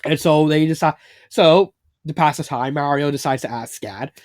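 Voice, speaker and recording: Recorded dry with clean studio sound, a man whose voice is a little high and darkish in tone speaks at normal speed while reviewing fanfiction. He wanders from point to point, swears freely, uses plenty of fillers, and laughs a lot.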